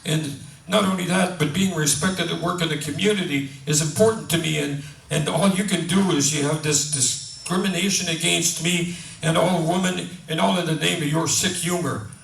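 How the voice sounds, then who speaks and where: A man voicing an indignant blonde woman heckling a comedian, shrill and lecturing, in a stand-up story. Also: steady tone, normal speed, gravelly. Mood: outraged. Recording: roomy, distant mic.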